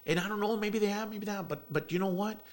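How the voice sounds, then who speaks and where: A man's voice: high voice, quick pace. A man, telling a heartfelt story as an interview guest, rambling with many fillers and bits of Spanish slang. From South Texas.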